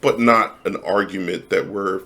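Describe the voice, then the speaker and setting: A man in his forties with a lowish voice chats casually with a friend on a podcast. He talks emphatically, and his voice leaps up when he gets animated. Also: unhurried. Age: 40s. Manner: emphatic, animated, jumps high when mimicking others. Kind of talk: casual chat.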